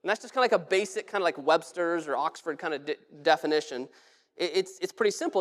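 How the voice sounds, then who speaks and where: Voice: mid-range voice, expressive, brisk. A pastor giving a conversational sermon in a church sanctuary, casual and joking, with frequent restarts. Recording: long church reverb.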